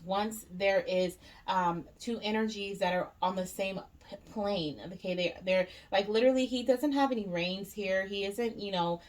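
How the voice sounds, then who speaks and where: A woman giving a casual tarot reading to camera, chatty and reassuring, filling pauses with um and okay. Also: mid-range voice. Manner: chatty, reassuring, many ums and okays. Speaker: tarot reader. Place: indoors by a window in natural light.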